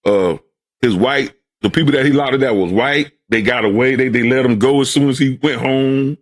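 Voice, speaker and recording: A man's voice: medium pitch, normal speed. An older man from Brooklyn, a podcast guest telling stories in casual talk, often repeating words and putting on voices for the people he quotes. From Brooklyn, New York. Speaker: guest, host's father. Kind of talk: storytelling in casual conversation.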